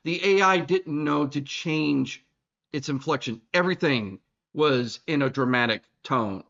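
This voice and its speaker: A man's voice: on the high side, measured pace, gravelly, a bit bright. A man co-hosting a podcast in casual chat, rambling and teasing, with lots of restarts, on a slightly dull recording. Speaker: podcast co-host. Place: recording room in Boston.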